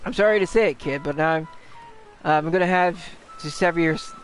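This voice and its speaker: Rowdy skeleton pirate, gruff sailor slang, pitched up, put-on British pirate accent, done by a man reading game lines. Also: brisk, soft background music, natural voice, low-quality recording. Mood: mock menacing. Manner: gruff, rough sailor slang, teasing threats. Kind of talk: reading game dialogue aloud in voices.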